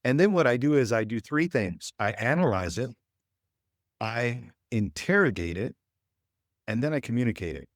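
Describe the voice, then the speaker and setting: A man's voice: mid-range voice, lively intonation, normal speed, no echo, studio quality. A man leading a relationship workshop, speaking to a live audience in a folksy way and acting out bits of dialogue. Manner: folksy, acts out quoted dialogue. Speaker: relationship coach.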